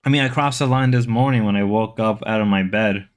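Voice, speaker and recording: A man's voice: lowish voice, fairly quick. Rambling male livestream host. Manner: rambling, repeats words, chatty. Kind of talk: casual livestream chat reading viewer comments.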